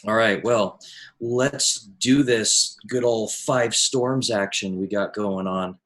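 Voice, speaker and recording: A man's voice: fairly low pitch, slow pace, fairly bright tone. A man playing a tabletop game, hesitant and thinking aloud about his moves. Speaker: player. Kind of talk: tabletop game play over voice chat.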